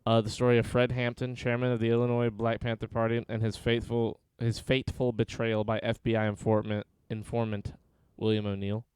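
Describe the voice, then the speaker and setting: A man's voice: mid-range voice, monotone, fairly quick, few pauses, darkish tone, clear, resonant tone, no room sound. A man co-hosting a casual podcast, reading film synopses aloud with dry, sarcastic asides between them. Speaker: podcast co-host.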